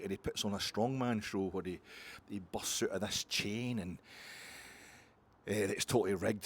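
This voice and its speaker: A man's voice: deep voice, a little hiss or hum. A Scottish man talking casually in a long rambling monologue, full of asides, restarts and swearing. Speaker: podcast host.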